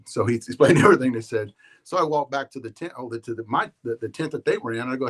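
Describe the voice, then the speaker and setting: A man hosting a podcast, talking in a loose, rambling way with animated storytelling and frequent restarts. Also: mid-range voice, fast talker. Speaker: podcast host. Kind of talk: casual rambling monologue.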